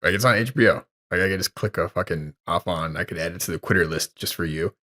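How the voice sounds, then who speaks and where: A man's voice: deep voice, fast talker, pushed and bright. A man co-hosting a podcast in casual chat, laid-back and swearing freely, full of "like". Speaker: podcast co-host.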